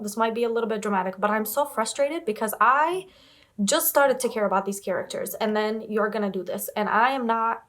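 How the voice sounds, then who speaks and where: A woman's voice: fairly high pitch, a little fast. A young woman chatting to camera in a casual reading vlog, rambling and emphatic, repeating herself and swearing casually, upset and close to tears. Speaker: book vlogger.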